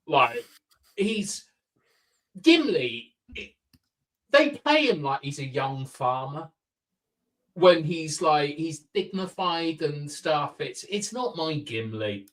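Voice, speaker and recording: A man's voice: on the high side, sing-song, slow, long pauses, fairly bright tone, rough recording. A man chatting casually as a podcast guest, opinionated and full of fillers, from the countryside. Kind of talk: casual chat.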